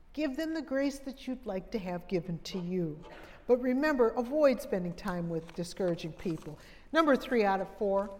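A woman's voice: mid-range voice, darkish tone. Folksy woman speaker in a reverberant hall. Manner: folksy, humorous, direct to the audience. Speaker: conference speaker. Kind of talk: conversational women's conference talk. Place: large hall with an audience.

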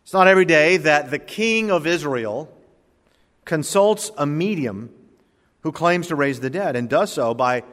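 A male pastor preaching a sermon and reading scripture, with dramatic swings between loud emphasis and quiet asides. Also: a little high. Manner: reads scripture in King James wording. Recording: long hall reverb.

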